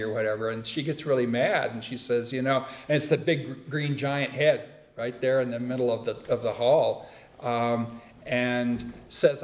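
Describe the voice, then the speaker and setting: A man teaching a dharma talk in a relaxed, conversational way, with playful asides. His voice sits at an ordinary pitch, and the sound carries a roomy echo. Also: moderate pace.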